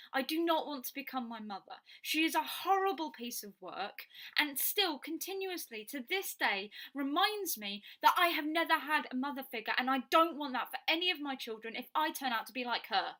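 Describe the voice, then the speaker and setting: A woman's voice: high-pitched, bright, forceful tone. A young Englishwoman giving her blunt, opinionated views to camera and swearing freely. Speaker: vlogger.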